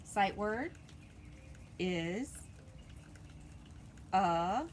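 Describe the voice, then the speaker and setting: A woman teaching a phonics lesson to preschoolers, sounding out letters slowly and deliberately, recorded at home. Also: medium pitch, lively intonation. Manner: slow, deliberate, sounds out letters for little kids. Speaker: pre-K teacher. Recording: noisy home video recording.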